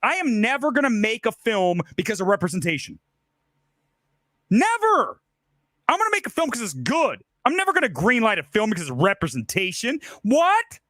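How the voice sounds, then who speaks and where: A heated middle-aged man rants through a film commentary monologue, firing off repeated rhetorical questions. His voice sits high and swoops widely. The sound is dry and close, with no room around it. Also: wildly swooping pitch, normal speed, pushed and bright, no room sound. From Ohio. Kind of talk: ranting monologue.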